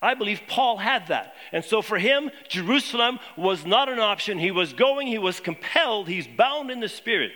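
A man preaching a sermon to his congregation, posing questions and dropping low and quiet on key points. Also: big pitch swings, moderate pace, few pauses. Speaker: pastor.

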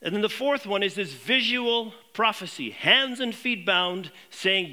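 A man preaching a sermon to his congregation, posing questions and dropping low and quiet on key points. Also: animated, measured pace, hardly any pauses. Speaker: pastor.

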